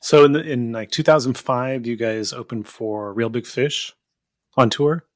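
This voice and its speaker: A man's voice: medium pitch, a little slow, dry recording, studio quality. A man, a podcast host, asking guests questions with some hesitation. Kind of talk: interview questions.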